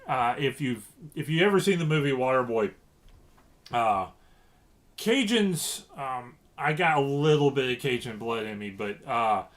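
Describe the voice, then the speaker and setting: A man from Louisiana chatting casually to camera about reselling, rambling with many fillers and restarts. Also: medium pitch. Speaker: reseller vlogger.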